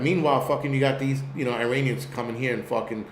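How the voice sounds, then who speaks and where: A man's voice: mid-range voice, expressive, a little fast, reverberant, slight background noise. A man with a New York accent hosting a live-stream commentary, talking bluntly and swearing as he rambles. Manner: blunt, profane, rambling rant. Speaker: host.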